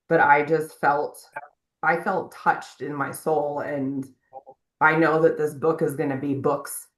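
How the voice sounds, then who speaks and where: A woman giving a heartfelt tribute on a video call, reflective and pausing between phrases. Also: low voice, reverberant. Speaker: guest speaker.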